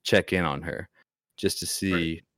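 A man's voice: low voice, steady tone, a little slow, sharp tone, dry recording, studio quality. A young man casually telling a ghost story on a podcast, rambling and restarting often. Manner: rambling, hesitant, many restarts. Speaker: podcast guest.

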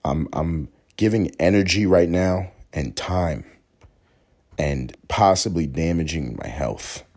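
A man with a sore throat hosts a solo podcast in a deep, husky voice. He rambles and curses, sometimes rising into a mock sermon. His tone is rough and scratchy. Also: slow pace, darkish tone. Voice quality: hoarse. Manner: profane, rambling, mock-preacher delivery. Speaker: podcast host. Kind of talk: casual solo podcast monologue.

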